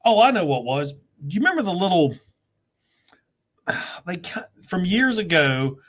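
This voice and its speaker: A man with a Southern US accent hosting a casual chat, telling stories quickly and laughing often. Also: sits high, big pitch swings, fairly bright tone. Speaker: host.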